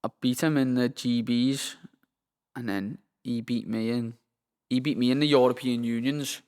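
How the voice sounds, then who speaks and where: A man's voice: mid-range voice, fairly even intonation, normal speed, darkish tone, smooth. A young man with a Liverpool accent, a professional boxer chatting as a guest in a rambling, sweary way and saying "lad" constantly. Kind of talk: casual interview chat. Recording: long hall reverb.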